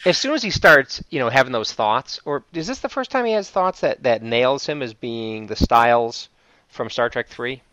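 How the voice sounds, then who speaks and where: Bright-voiced rambling man. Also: mid-range voice, lively intonation, normal speed, no echo, dull audio. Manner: rambling, laughs often, trails off. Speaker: podcast co-host. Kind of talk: casual chat.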